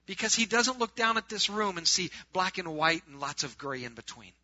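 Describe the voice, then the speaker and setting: A man preaching a sermon to a group, swinging from loud, urgent appeals to hushed, quiet stretches. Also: sits high, very animated, moderate pace, no echo, dull audio.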